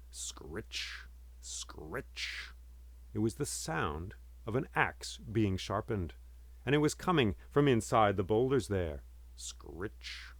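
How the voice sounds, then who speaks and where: A man telling a folk tale in a measured, dramatic and vivid way. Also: fairly low pitch, dry recording. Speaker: storyteller. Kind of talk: oral storytelling.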